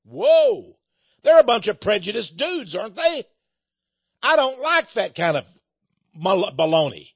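A man's voice: sits high, sing-song, moderate pace, long pauses, breathy edge, no echo. A man leading a ministry, preaching in a folksy, rambling conversational monologue that speaks to listeners as folks. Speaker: ministry leader. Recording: dull lo-fi sound.

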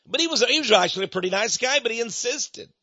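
Here the same kind of sermon story comes in a very high, husky male voice that is bright and forceful, fast-moving, with lively intonation. The American Christian speaker on Freemasonry animatedly voices both parties in each conversation. There's no room sound, though the recording is muffled, dull and lo-fi.

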